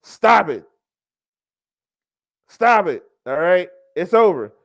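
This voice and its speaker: A man's voice: high-pitched, big pitch swings, slow, vocal fry, a bit bright. A man hosting a reaction commentary, blunt and mocking, often laughing at what he reads. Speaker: podcast host.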